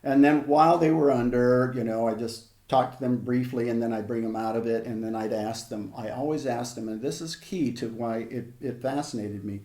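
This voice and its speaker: An older man working as a hypnotherapist, telling stories in an interview in a measured, conversational way with frequent restarts. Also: mid-range voice, warm tone, roomy sound. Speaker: hypnotherapist guest. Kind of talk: reflective storytelling in an interview.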